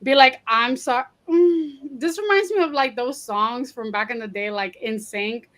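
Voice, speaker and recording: A woman with a slightly high voice co-hosts a casual podcast chat. She speaks frankly and at length, now and then slipping in a Spanish word. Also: unhurried, a bit bright. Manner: frank, chatty, drops in Spanish words. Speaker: podcast co-host.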